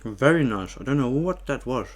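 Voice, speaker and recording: A young mukbang host eats on camera while telling a story casually and animatedly, swearing freely as he acts out an argument at a shop. He speaks in a mid-range voice at normal speed.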